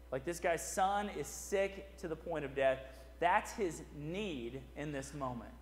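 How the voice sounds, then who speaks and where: High-voiced pastor in an echoey church. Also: male voice. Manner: conversational preaching with frequent "right?" asides. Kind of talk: sermon. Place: church sanctuary.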